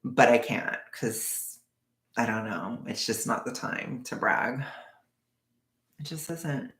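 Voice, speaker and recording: A livestreamer in casual chat with viewers, knitting a scarf while rambling, full of "like" and quick bursts of laughter. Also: medium pitch, fairly bright tone, echoey room. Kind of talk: casual live-stream chat.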